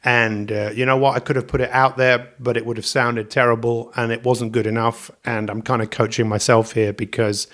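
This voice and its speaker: A man hosting his own motivational podcast about coaching, talking alone in an energetic, upbeat way and repeating catchphrases. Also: medium pitch, normal speed. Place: indoors at home, coffee in front of him.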